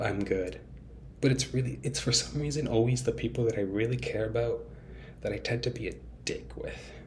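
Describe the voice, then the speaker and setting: A young man with a slightly low voice rambles candidly to camera in a casual vlog. He restarts sentences often, leans on fillers, and teases himself as he talks. A faint room noise sits behind him. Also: a little mellow. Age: young adult. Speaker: vlogger.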